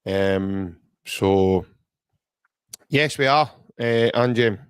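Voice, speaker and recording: A man's voice: lowish voice, drawn-out words, clear, resonant tone, no echo. A Scottish man hosting a casual football podcast, chatty and jokey, rambling through banter. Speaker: podcast host.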